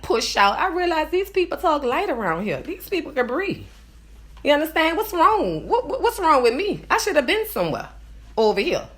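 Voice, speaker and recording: A woman in her forties with a nasal New Orleans accent, rambling to her viewers in a casual monologue and often checking in with "you understand?". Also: fairly high pitch. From New Orleans, USA. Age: 40s. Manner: rambling, repeats "you understand?", swings between loud and quiet. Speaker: vlogger.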